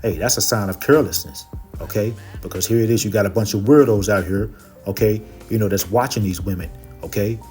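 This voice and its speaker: Low warm-toned guy preaching, lots of okay and you know, slows right down for the verses. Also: faint music behind. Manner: reads verses slowly and louder. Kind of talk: scripture teaching.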